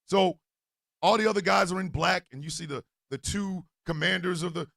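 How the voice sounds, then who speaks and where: A man telling a comic story as a podcast host. He swings from low mutters to loud outbursts. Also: normal speed, gravelly, dry recording, studio quality. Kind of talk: comedic storytelling monologue.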